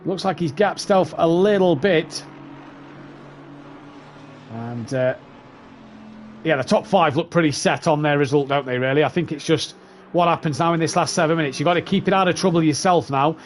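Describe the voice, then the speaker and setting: A man's voice: a little high, normal speed, long pauses, slight background noise. A man commentating a sim race, chatty as he runs through positions and gaps.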